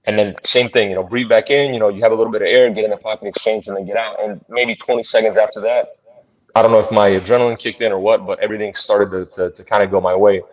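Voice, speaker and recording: A man, a bare knuckle fighter, telling a fight story in an interview in a blunt, profane, animated way. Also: fairly low pitch, fast, dull audio.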